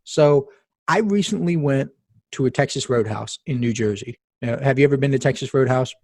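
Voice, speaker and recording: A podcast host speaks in a medium-pitched, slightly mellow voice at a moderate pace, chatting casually and emphatically. He spins stories and throws in asides to the listener, all in a dry recording.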